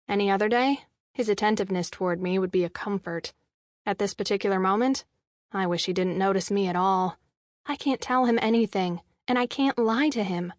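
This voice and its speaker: A young woman reads a first-person audiobook in a measured, expressive voice with an anxious inner edge. Her pitch sits in an ordinary middle range. The studio sound is dry and close, with no echo. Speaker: audiobook narrator. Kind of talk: first-person scripted narration.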